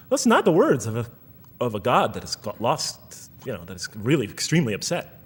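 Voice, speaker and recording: A man's voice: medium pitch, very animated, fairly quick, breathy edge. An American man giving a reflective lecture, reading out verses and explaining them while thinking aloud and rephrasing himself. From United States. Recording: long hall reverb.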